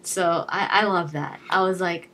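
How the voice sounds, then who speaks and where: Chatty low-voiced young woman reviewing a film. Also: fairly even intonation, measured pace, a bit bright, slight background noise. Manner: chatty and enthusiastic, many fillers and restarts. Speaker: video blogger. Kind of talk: casual movie review monologue.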